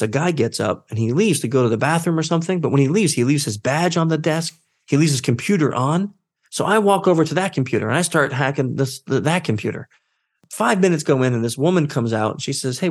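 Animated male storyteller, quoting himself. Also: a little high, fairly quick. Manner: animated, acts out quoted dialogue with his voice jumping up. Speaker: guest, social engineer. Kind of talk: storytelling in a career interview.

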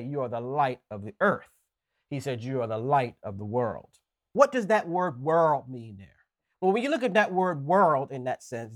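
A man preaching a sermon in a conversational way, often checking in with "right?" and reading scripture slowly with emphasis. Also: on the high side. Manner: folksy asides.

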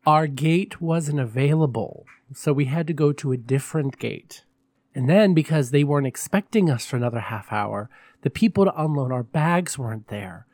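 A man's voice: medium pitch, no room sound. A man hosting a podcast in a campy, chatty, profane casual monologue. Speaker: podcast host.

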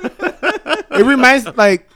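A man's voice: very high-pitched, sing-song, drawn-out words, crowd noise. A man co-hosting a casual podcast chat, brash and profane. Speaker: podcast co-host.

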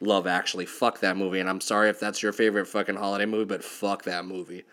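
Low-voiced blunt swearing man. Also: quick pace. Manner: blunt and profane, animated storyteller. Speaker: podcast co-host. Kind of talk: casual chat.

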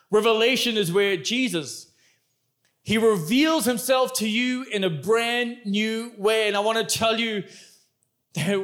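High-voiced animated male preacher. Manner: animated, emphatic, conversational preaching. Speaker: pastor. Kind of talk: sermon.

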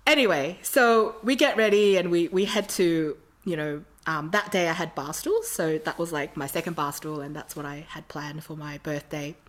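A woman's voice: deep voice, normal speed, few pauses. A woman from Australia, telling a long rambling story in casual chat with lots of fillers.

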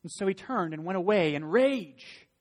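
High-voiced emphatic male preacher in a hall. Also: animated, normal speed. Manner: emphatic, rising to loud stresses; folksy asides. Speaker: pastor. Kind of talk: sermon. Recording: long hall reverb.

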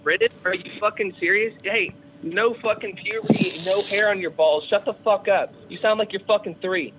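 Man, angry customer, aggressive, stammering, slightly high voice. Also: moderate pace, noisy background. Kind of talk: heated phone argument.

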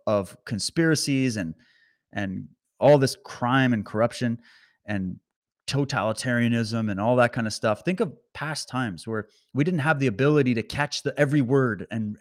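A man delivering a casual, animated political commentary monologue, rambling and indignant. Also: medium pitch, dry recording, clean studio sound.

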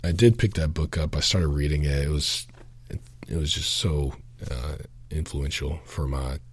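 Earnest young man, very deep husky voice. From Augusta, Georgia, US. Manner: earnest, halting, many fillers and restarts. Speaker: podcast guest. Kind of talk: candid testimony.

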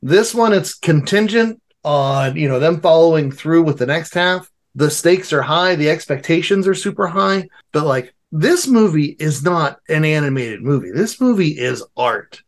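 Lively, effusive male podcast co-host. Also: a little high, moderate pace, hardly any pauses. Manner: effusive, animated, piling up praise. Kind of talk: casual review chat.

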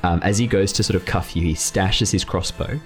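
A very deep-voiced man runs a tabletop game as game master. He narrates and rules in a loose, rambling way, full of fillers. Faint music sits under his voice. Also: brisk.

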